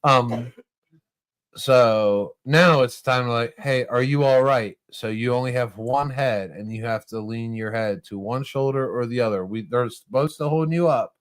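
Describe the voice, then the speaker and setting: A man hosting a casual bar-show chat, telling a drawn-out hypothetical with lots of swearing. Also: mid-range voice, no room sound. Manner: profane, animated storytelling. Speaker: podcast host.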